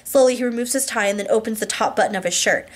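Her voice is a little high as she reads a novel in the first person, easing the pace for emphasis. Along the way she adds brief asides and corrects herself when she stumbles over words.

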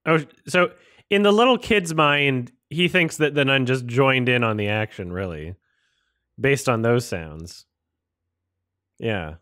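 A man's voice: medium pitch, lively intonation, slow, fairly bright tone, no echo, studio quality. A man casually commenting on a movie as he watches it, rambling, swearing and incredulous. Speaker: host reacting to a film.

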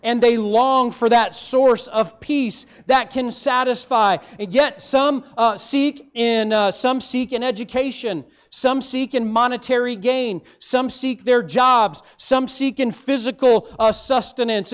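A man with a Midwestern American accent, preaching a sermon as pastor, rising emphatically for stress and dropping low at the ends of phrases. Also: takes it slowly, few pauses, smooth.

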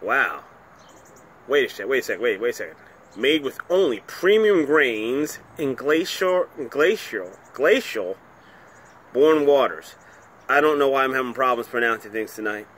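Hosting his whisky review channel from home, this New Jersey man rambles in a chatty, self-deprecating manner. His mid-range voice is expressive and a bit bright, delivered at normal speed.

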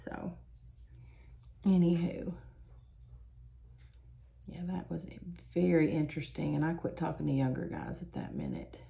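A Southern US beauty vlogger in her forties speaks low with vocal fry. She chats and tells stories while doing her makeup, animated and quick to laugh.

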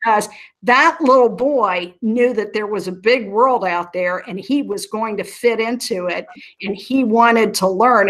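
Woman, fairly high voice, earnest, interview guest, frequent restarts. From Southern Ohio. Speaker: nonprofit leader, guest. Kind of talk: conversational interview.

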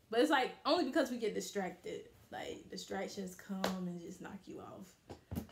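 A young woman talks straight to camera in a casual motivational vlog, candid and emphatic, leaning on repeated phrases to drive her point home. Her voice sits at an ordinary middle pitch. The sound bounces around a small, hard-walled room. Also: a little slow, reverberant. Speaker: vlogger. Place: her bathroom.

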